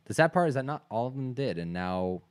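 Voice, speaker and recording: A man's voice: mid-range voice, big pitch swings, a little fast, clear, resonant tone, no room sound. A man co-hosting a casual podcast, often hesitating and repeating words as he talks. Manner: hesitant, repeating himself with fillers. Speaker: podcast co-host. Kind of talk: casual chat.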